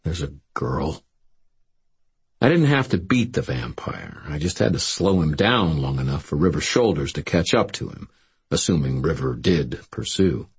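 A man reading a first-person story aloud as an audiobook narrator, telling it in a steady storytelling way. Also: extremely low pitch, slightly rough.

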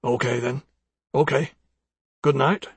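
A man voicing a worried young husband in an audiobook, hurried and urgent. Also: medium pitch, fairly even intonation, breathy edge, no echo. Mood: curt.

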